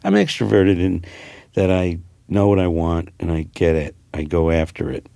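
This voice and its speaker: A man's voice: low-pitched, expressive, moderate pace, gravelly, mellow, no room sound. A man from New Jersey with a New Jersey accent, an actor talking casually in an interview, rambling with many fillers and restarts. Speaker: actor guest.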